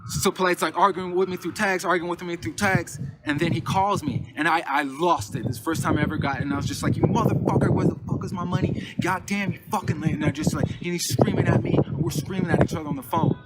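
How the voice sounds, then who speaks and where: A man telling a personal story in casual, animated speech, cursing and repeating phrases. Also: on the high side, fast, few pauses, a loud crowd. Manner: animated, profane, repeats phrases, acts out quotes. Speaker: guest telling his story.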